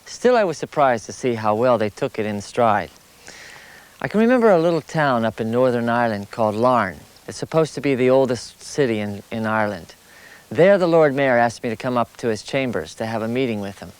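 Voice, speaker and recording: A man recounting his walking travels as a lively anecdote, his voice climbing high at the funny moments. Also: clear, resonant tone. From United States. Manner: animated, rising sharply at the funny parts. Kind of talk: anecdotal storytelling.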